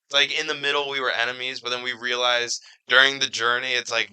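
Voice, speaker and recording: Bright, crisp-voiced young man ranting. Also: medium pitch, fast, few pauses, rough recording. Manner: animated, profane storytelling. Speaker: podcast co-host. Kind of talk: casual chat.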